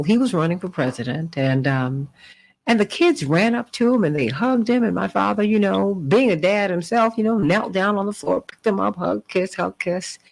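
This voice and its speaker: Animated woman radio host. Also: creaky, rough recording. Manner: animated storytelling, rising pitch in quotes. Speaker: radio talk show host. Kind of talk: call-in radio talk. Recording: radio broadcast.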